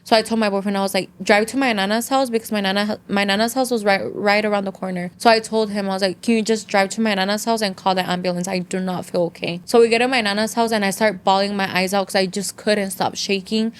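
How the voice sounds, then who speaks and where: A young adult woman, a podcast guest, tells a story in casual conversation, switching between English and Spanish and filling it with "like." Her medium-pitched voice is clean and fairly even, moving quickly with few pauses, and her retelling is earnest and emotional, close to tears.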